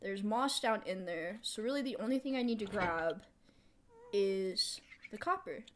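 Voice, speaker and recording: A woman streamer giving casual live gameplay commentary. She thinks out loud while she builds, answers chat aloud and laughs often. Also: medium pitch, animated, unhurried, a little hiss or hum. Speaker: streamer playing a building game.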